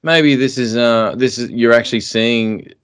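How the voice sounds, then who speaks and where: A man's voice: mid-range voice, a little slow, smooth, no echo, studio quality. A man, chatting casually on a podcast, musing aloud and calling his co-host mate. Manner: musing, calls people mate. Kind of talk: casual chat.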